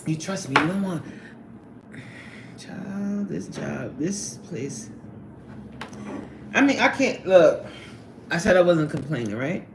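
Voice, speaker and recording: Woman, casual live chat, lively swooping pitch, quick laughs, faint background hum. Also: creaky, reverberant. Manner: animated, laughs often, swoops up high when excited. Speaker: livestream host reading chat. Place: at her workplace on a lunch break.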